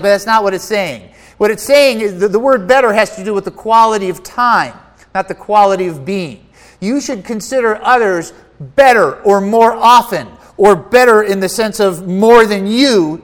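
A man preaching a sermon as pastor, emphatic and animated, slipping into whiny voices to mock self-centered complaints. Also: very high voice, long reverb tail. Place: church.

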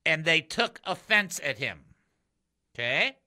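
Very bright, animated male radio host. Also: fairly high pitch, slow pace. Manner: animated, chatty, laughs easily. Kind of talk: call-in Christian radio talk.

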